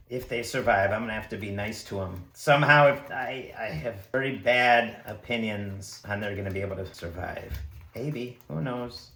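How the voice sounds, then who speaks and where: A man narrating his own solo tabletop game, excitable and talking to the dice and characters. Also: mid-range voice. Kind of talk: casual solo play narration. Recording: echoey room.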